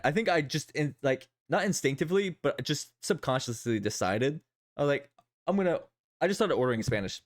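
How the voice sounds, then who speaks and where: A man streaming live, chatting casually and rambling, often repeating his own phrases. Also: a little high.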